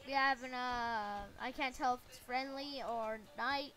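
A woman's voice: high-pitched, steady tone, a little slow, bright, forceful tone, soft background music. A woman giving playful, goofy commentary while playing a shooting game, shrieking at the action and muttering to herself in between. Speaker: gameplay commentator.

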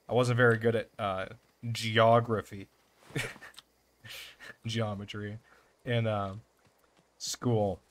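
Young dude playing a game, kinda low voice, hypes himself up, swears a ton. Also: male voice. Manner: excitable, swears a lot, talks to himself. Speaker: let's play gamer. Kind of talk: casual gameplay commentary.

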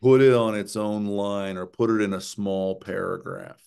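A man's voice: fairly low pitch, normal speed, vocal fry, clean tone. A man presenting a writing workshop in a conversational lecture style, often checking in with his listeners. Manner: animated, often checks in with "right?" and "okay?".

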